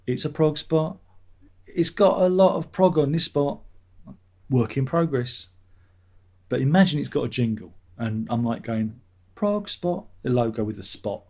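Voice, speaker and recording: A man's voice: medium pitch, moderate pace, darkish tone. A man hosting his own vlog, chatting in a meandering way and swearing casually. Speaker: vlogger, channel host. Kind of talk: rambling casual chat.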